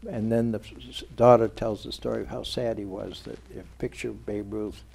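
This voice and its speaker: A man's voice: lowish voice, fairly even intonation, moderate pace, creaky, crowd noise. A male publisher in a TV studio interview who tells anecdotes and recounts conversations by quoting the people in them. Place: local TV studio.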